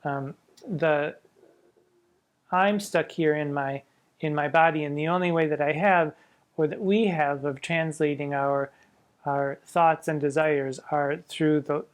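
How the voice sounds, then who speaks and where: A man's voice: on the high side, steady tone, measured pace. Musing man talking through old poetry. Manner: musing, reads verse lines aloud with relish; wry, self-mocking asides. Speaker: drag performer discussing poetry. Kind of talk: casual spoken literary commentary.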